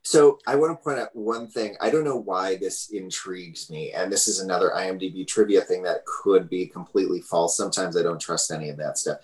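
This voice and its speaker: Low-voiced man, podcast co-host, thoughtful, hedging, casual film chat. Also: a little fast, few pauses, a little mellow, low-quality recording.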